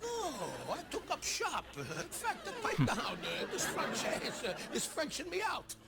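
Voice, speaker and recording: Mario, a gravelly bossy plumber. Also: male voice, very high-pitched, huge pitch swings, a little slow, a loud crowd, heavy background noise, heavily acted. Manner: brash, laughs through lines. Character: gruff stocky male plumber, bossy older brother. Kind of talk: 1980s live-action sitcom acting.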